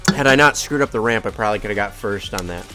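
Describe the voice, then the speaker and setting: A man's voice: lowish voice, fast talker, bright, forceful tone, soft background music. A man casually commenting on his own racing game during a live stream, chatting to his cat and to himself. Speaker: gaming streamer.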